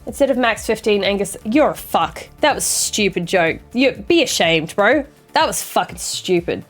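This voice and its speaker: A woman's voice: mid-range voice, animated, normal speed, faint music behind. A young woman streamer chatting casually with her viewers and reading chat aloud, with a dry, sarcastic sense of humor and sassy banter.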